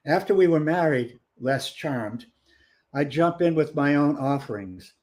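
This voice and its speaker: Halting man reading on a video call. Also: on the high side, expressive, a little mellow. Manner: halting, measured, with hesitations. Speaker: author on a panel. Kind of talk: panel talk, reading a short story aloud.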